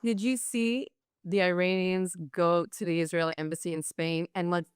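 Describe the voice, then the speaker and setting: A woman panelist on a news show, chatting casually in a gushing, animated way, full of "like" fillers. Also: fairly low pitch, moderate pace, clean tone. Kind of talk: casual chat.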